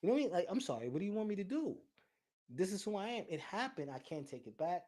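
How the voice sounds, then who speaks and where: A man with a somewhat high voice talks in on a casual chat show. He tells personal stories bluntly and deflects with jokes, slipping into mimicked voices for the people he quotes. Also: very animated, fast, warm tone. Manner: blunt, jokey storytelling with put-on quoted voices. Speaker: podcast co-host.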